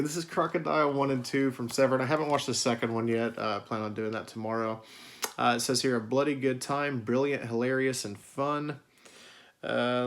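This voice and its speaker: A man hosting a casual video review of his movie collection, rambling with many fillers and frequent swearing. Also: medium pitch. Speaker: video host.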